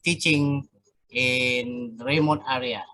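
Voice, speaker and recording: A student asking the teacher a question in halting English with fillers, heard from across the room. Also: mid-range voice, fairly even intonation, pushed and bright, dry recording, poor audio. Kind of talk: classroom question.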